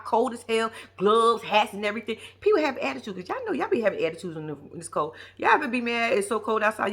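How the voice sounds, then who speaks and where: A woman's voice: mid-range voice, sharp tone. A young woman from New York giving casual, profane reaction commentary as a vlogger, laughing and acting out the people she talks about. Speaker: reality TV recap vlogger.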